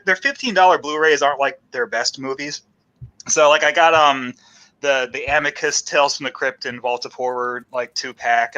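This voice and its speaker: A man's voice: medium pitch, sharp tone, low-quality recording. A man hosting a podcast in casual chat, rambling, laughing often and swearing freely. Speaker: podcast host.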